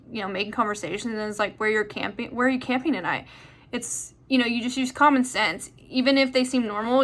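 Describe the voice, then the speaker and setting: A woman's voice: fairly high pitch, fairly bright tone. A young woman answering viewer questions in a chatty, rambling way with lots of fillers. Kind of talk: casual chat.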